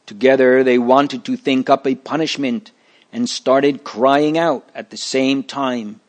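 A man's voice: mid-range voice, steady tone, unhurried. A man reading a storybook aloud as narrator, in a plain, explaining manner for children.

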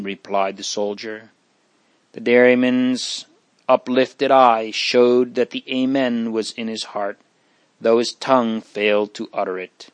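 A man reading aloud an old religious story in a measured, solemn way. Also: medium pitch, fairly even intonation, dry recording. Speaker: narrator.

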